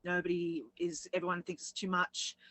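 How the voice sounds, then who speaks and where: Casting: chatty co-host woman, bright tone, dry close sound, rambling and laughing often. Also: fairly low pitch, flat delivery, normal speed, no room sound, low-quality recording. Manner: rambling, laughs through her story. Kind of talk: casual chat.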